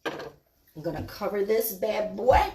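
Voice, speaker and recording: A woman's voice: mid-range voice, slow pace, noisy background. A woman, hosting a casual live cooking stream in her home kitchen, chatting with viewers and trailing off with fillers. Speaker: cooking show host.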